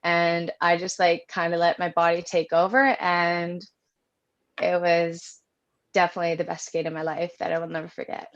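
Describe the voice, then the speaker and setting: A woman's voice: on the low side, completely flat delivery, normal speed. A woman, chatting earnestly as an interview guest and telling her story in detail. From Canada. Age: early 20s. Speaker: guest athlete. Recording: dull lo-fi audio.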